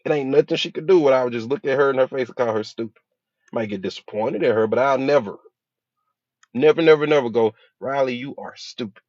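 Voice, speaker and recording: Speaking fast at a medium pitch, a man with a slightly mellow voice gives a motivational speech as a hypnotherapist. He's an adult with a school-age child who uses rhetorical questions, casual slang, and emphatic repetition; the recording is dull, dry, and lo-fi.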